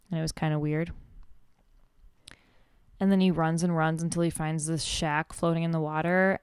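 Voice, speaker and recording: Lady doing a rambly jokey cartoon recap, low monotone-ish voice, super clean sound. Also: smooth, dry recording. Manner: flippant, rambling, full of "like". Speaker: guest podcast host. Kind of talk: comic episode recap.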